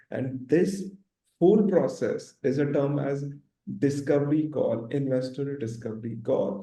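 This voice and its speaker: A man in a business discussion, speaking halting non-native English with many fillers. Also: mid-range voice, mellow. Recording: roomy echo.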